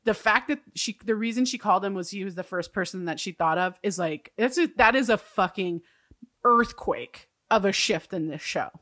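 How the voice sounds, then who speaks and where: A woman's voice: mid-range voice, normal speed, bright, forceful tone, dry recording, studio quality. A young adult woman co-hosting a podcast, chatting casually about a TV episode, laughing often and using many fillers. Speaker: podcast co-host. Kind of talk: casual chat recapping a TV episode.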